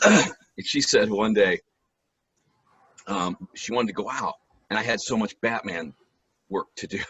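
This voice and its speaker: A hoarse man, a musician and voice actor, telling lively stories on a video call, often laughing and clearing his throat. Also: lowish voice, a little slow, no room sound. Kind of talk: casual storytelling chat.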